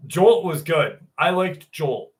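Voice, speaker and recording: A man's voice: a little high, expressive, takes it slowly. A man hosting a live stream, chatting casually with viewers by name, swearing freely, and reading out a story.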